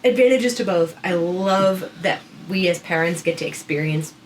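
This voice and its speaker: A woman in her thirties co-hosts a casual podcast, rambling through stories in a fairly low voice. Now and then she slips into quick impressions of the people she describes. A faint hiss sits under the recording. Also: rough recording. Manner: chatty, storytelling with quoted voices. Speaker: podcast co-host. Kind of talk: casual chat. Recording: faint background noise.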